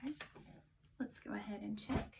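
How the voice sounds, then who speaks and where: A woman teaching a phonics lesson to young children, sounding out each letter slowly and clearly. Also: medium pitch, darkish tone, a little hiss or hum.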